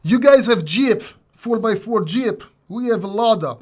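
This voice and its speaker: A man's voice: high voice, lively intonation, unhurried, voice pushed up. A man putting on a bragging Russian strongman. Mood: boastful. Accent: put-on Russian. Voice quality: broken-English bragging, loud and punchy. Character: boastful Russian man, comic exaggerated accent.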